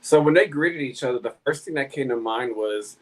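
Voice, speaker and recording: A man on a video-call review panel, talking in a measured, critical way. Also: medium pitch, poor audio. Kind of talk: casual review chat.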